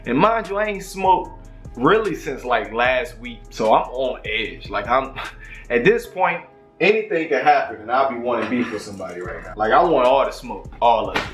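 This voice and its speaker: A man's voice: medium pitch, moderate pace. A man in a casual vlog tells a story with lots of slang and swearing, his voice swinging up and down. The room is echoey, and faint music plays underneath. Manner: animated, profane, slangy storytelling. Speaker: vlogger. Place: kitchen, cooking breakfast.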